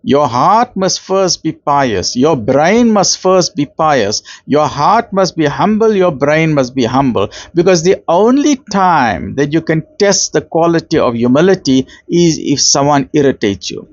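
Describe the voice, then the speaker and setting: A South African man gives a religious talk in a chatty, storytelling way, often putting on the voices of the people he describes. His voice sits fairly high for a man. The sound is dry and dull, with no room echo. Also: very animated, a little slow, few pauses. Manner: conversational, acts out quoted voices, uses Arabic terms. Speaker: Islamic lecturer.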